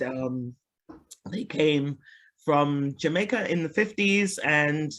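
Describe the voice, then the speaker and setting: A woman from Liverpool, a singer and guest, telling her story in a candid, chatty way with frequent laughs. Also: low voice. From Liverpool, England. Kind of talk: casual storytelling interview.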